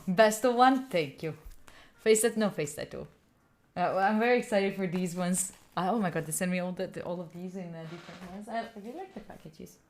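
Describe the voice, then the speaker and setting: A woman's voice: lowish voice, a little fast. A woman whose first language is Italian, chatting casually and playfully to her stream viewers, rambling and laughing at herself. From Italy. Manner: rambling, playful, self-mocking, laughs often. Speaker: study streamer. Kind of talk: casual live-stream chat.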